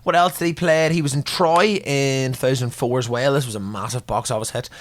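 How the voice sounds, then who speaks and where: A man co-hosting a podcast, with a voice of middling pitch. He chats easily, laughs often and leans on fillers as he runs through film facts. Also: steady tone, fairly quick. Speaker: podcast co-host. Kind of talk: casual chat.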